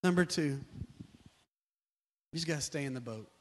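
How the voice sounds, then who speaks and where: A man preaching a sermon, moving from quiet, conversational passages to loud, drawn-out emphatic lines. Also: a little high, slight background noise. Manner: builds from quiet to shouting, dramatic slow emphasis. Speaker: pastor.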